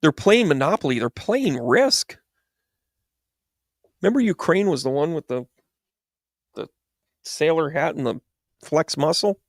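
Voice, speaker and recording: A man's voice: on the high side, expressive, a little slow, long pauses, no room sound, clean studio sound. A man giving a rambling, exasperated political commentary monologue with sarcastic asides. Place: New York.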